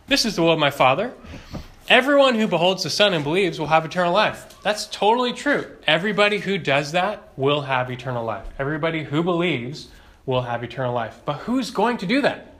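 A man's voice: on the high side, sharp tone. A man teaching a doctrinal Bible lesson, emphatic, asking rhetorical questions and repeating key phrases.

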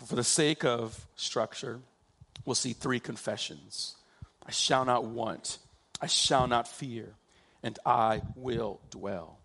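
A man preaching a sermon, slow and emphatic, drawing out key phrases for weight. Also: mid-range voice, pushed and bright, breathy edge.

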